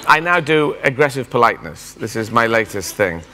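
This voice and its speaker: An English comedian in his fifties, speaking as a guest, riffs through a keynote, animated and self-mocking as he jumps between thoughts. His medium-pitched voice is bright, forceful and brisk, with a long reverb from a large conference hall behind it.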